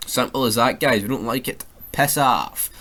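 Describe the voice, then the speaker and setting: A man's voice: medium pitch, moderate pace, fairly bright tone. A young Scottish man giving sweary, ranting casual commentary over a football video game career mode. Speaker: gaming YouTuber.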